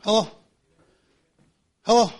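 A middle-aged man preaching a sermon, passionate and repetitive, rising to shouts and dropping to hushed pleas. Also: slow. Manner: impassioned, repetitive, swinging between shouting and hushed pleading. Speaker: pastor.

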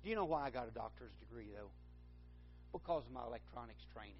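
A man's voice: medium pitch, expressive, fast, dull audio, soft background music. A man preaching a sermon, rambling and correcting himself, then building to fervent emphasis.

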